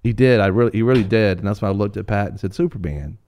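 A man's voice: lowish voice, rapid-fire, a little hiss or hum. Laughing middle-aged man telling a story. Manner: animated, laughing, acts out voices in stories. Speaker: co-host. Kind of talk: casual storytelling chat.

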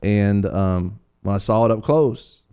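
A middle-aged man co-hosting a casual chat, telling an animated story with laughter and little voices for the people in it. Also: on the low side, unhurried, clean tone. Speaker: co-host.

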